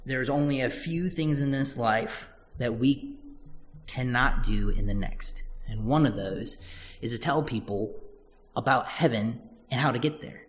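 A man's voice: mid-range voice, a little slow. A man preaching a sermon as pastor, earnest and repetitive, building points through repeated phrases. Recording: long church-hall reverb.

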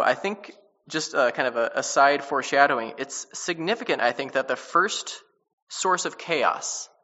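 A man teaching a casual Bible study, reading passages and explaining them in a conversational way with many restarts and quick paraphrases. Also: medium pitch, pushed and bright. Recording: dull-sounding with long hall reverb.

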